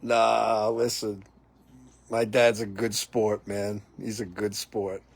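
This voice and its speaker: Gravelly, chatty middle-aged man hosting. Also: lowish voice, little pitch movement, slow pace. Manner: laughs often, chatty and amused. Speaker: livestream host reading viewer comments. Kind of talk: casual live chat. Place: porch, outdoors.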